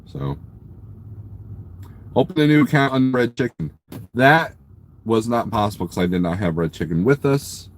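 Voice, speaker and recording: A trucker livestreams from his parked rig at a truck stop, rambling casually and joking with viewers as he reads their comments aloud. His mid-range voice has a sing-song lilt, a moderate pace, and frequent pauses.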